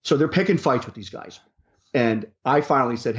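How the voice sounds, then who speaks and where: Speaking animatedly at a moderate pace, this medium-pitched man works as a rideshare driver and shares rambling stories in an interview. He restarts often and leans on fillers; the audio is muffled and lo-fi.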